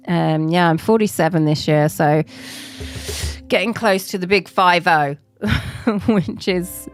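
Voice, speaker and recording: A woman in her forties chatting casually to viewers on a live stream, rambling and laughing often. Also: mid-range voice. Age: 40s.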